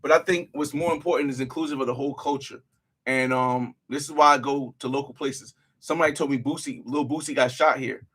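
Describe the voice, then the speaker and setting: A man's voice: mid-range voice, steady tone, fairly quick, a bit bright. A man chatting casually to his livestream as he edits a video, often muttering to himself and trailing off. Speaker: travel vlogger editing live. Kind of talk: casual livestream chat while editing.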